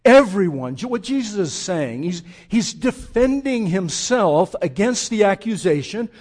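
A man's voice: high-pitched, very animated, unhurried, hardly any pauses, darkish tone. A male pastor preaching a sermon, speaking straight to his congregation and acting out the voices of the people in his story.

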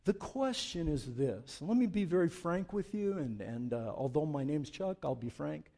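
A pastor delivering a sermon in a high-pitched voice. He pushes hard on his key points, then drops low for conversational jokes with the congregation. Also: very animated, moderate pace, vocal fry. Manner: swings from loud emphatic preaching to low asides; joking, conversational.

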